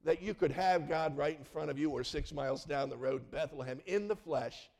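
A middle-aged male pastor telling stories in a sermon, lively and acting out the people in them. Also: fairly high pitch, brisk, creaky. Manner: animated, acts out voices in his stories. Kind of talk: storytelling sermon.

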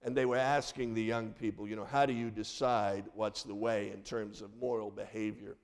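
A middle-aged male pastor giving a sermon, earnest, with dramatic drops into soft, quiet phrases. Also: on the low side, little pitch movement, normal speed.

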